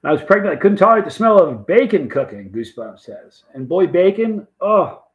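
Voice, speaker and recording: A man's voice: high-pitched, very animated, a little fast, highs cut off. A man hosting a livestream, rambling in a folksy, casual way and reading out viewer comments. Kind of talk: casual chat.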